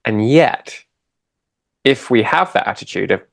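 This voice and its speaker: A man co-hosting a podcast and working with clients, talking in a calm, agreeable, musing way. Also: on the low side, normal speed, gravelly, no echo, clean studio sound. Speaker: podcast co-host and coach. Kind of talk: reflective conversational chat.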